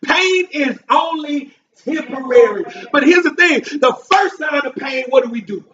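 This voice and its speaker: Pastor guy preaching loud, call and response, kinda muffled lo-fi sound. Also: extremely high pitch, expressive, measured pace. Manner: call-and-response preaching, shouting emphatic lines. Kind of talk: sermon. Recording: distant mic, dull lo-fi sound.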